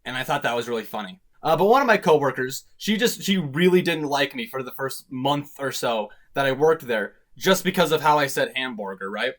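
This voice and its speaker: A man's voice: mid-range voice, expressive, brisk, few pauses, a bit bright. A young man talking casually to camera in a rambling, self-deprecating vlog monologue. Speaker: YouTube vlogger.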